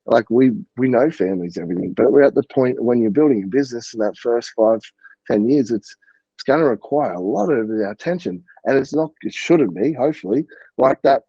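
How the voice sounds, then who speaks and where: A man, a guest on a podcast, explaining things in a thoughtful and steady way. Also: mid-range voice, brisk, husky, dry recording, lo-fi sound. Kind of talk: casual podcast chat.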